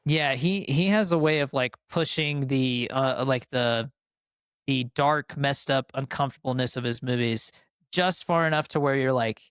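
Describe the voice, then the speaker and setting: A man's voice: mid-range voice, moderate pace, a bit bright, smooth, dry recording, clean studio sound. A young adult man co-hosting a podcast, talking casually and enthusiastically about his favorite films with lots of fillers. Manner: rambling, filler-heavy, enthusiastic. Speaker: podcast co-host. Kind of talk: casual film review chat.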